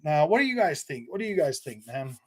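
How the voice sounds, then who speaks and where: A man's voice: fairly high pitch, very animated, a little fast, breathy edge. A man hosting a casual gaming live stream, reading and answering viewer comments with jokes, laughter and lots of restarts. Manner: chatty, joking, many restarts and fillers; laughs often. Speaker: gaming channel host reading live chat.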